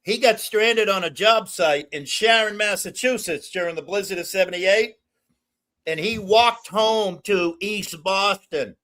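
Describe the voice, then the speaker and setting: Bright-voiced older man telling rambling stories. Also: sits high, unhurried. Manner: rambling storyteller, laughs at own jokes. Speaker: stream host. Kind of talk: casual chat.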